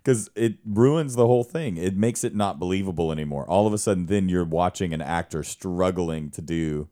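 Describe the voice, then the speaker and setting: Low-pitched male stage actor in relaxed conversation; lively anecdotes, quick to laugh. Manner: animated storyteller, laughs often. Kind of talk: casual conversation.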